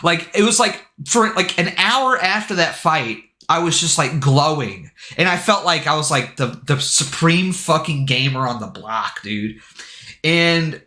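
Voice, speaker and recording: A man streaming live, telling a story in an excitable way, full of swearing and filler words. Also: high voice. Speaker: game streamer. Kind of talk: casual livestream storytelling. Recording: echoey room.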